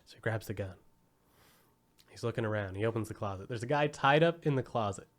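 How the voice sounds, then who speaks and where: A man co-hosting a podcast, casually retelling a movie plot in an animated way and leaning hard on "like.". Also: on the low side, fairly quick. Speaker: podcast co-host. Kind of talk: casual film chat.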